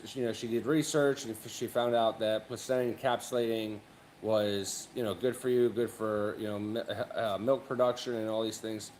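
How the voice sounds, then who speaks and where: A man tells a personal story on a casual panel in a relaxed, rambling way, full of fillers and restarts. A faint hum of background noise sits under his voice. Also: mid-range voice. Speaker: guest on open panel.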